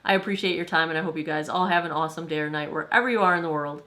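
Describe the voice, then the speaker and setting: A woman in her forties, slightly hoarse, giving a chatty, enthusiastic makeup review as a vlogger and laughing often. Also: sits low, very fast, a bit bright. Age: 40s. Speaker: beauty vlogger.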